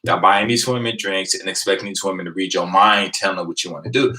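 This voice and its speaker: A man, casually telling a rambling, animated story to his live viewers and laughing along the way. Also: low voice, fast, low-quality recording. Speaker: vlogger on a live stream.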